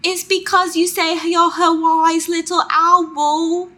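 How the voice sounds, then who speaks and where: A woman voicing a small, wide-eyed, anxious boy in a high, childish British voice. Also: little pitch movement, slow pace, bright, forceful tone, full character voice. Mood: whiny.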